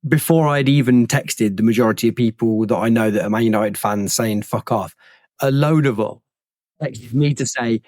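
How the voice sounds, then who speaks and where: A man's voice: medium pitch, moderate pace, darkish tone, no room sound, clean studio sound. A man hosting a football podcast, chatting casually with many fillers and restarts. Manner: rambling, full of fillers and restarts. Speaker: podcast host. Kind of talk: casual chat.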